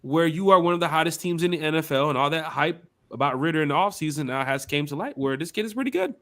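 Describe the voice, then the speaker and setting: A man hosts a casual sports podcast and talks through the season with building excitement. His voice sits a touch higher than most men's. He keeps the chat moving and hypes up the games ahead. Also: fast talker. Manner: animated, hype-building, runs the schedule rundown. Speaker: podcast host.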